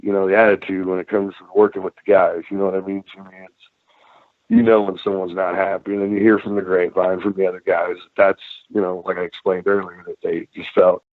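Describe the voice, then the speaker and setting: A man's voice: sits low, no room sound. A man, a former wrestler, telling road stories as a podcast guest, cursing freely and acting out what others said. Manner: profane, animated storyteller, acts out quotes. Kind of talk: casual storytelling interview. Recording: dry, phone-like narrow sound.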